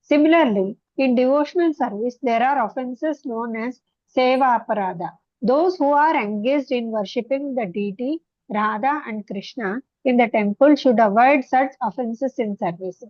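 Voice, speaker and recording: A woman reading a scriptural commentary aloud in a steady, careful manner during an online class. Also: fairly high pitch, normal speed, no room sound. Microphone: video call. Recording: dry, dull video call audio.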